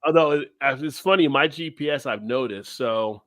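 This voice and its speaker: A man's voice: medium pitch, normal speed. A man co-hosting a casual chat, joking and laughing often. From Baltimore area. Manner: jokey, laughs often, lively delivery.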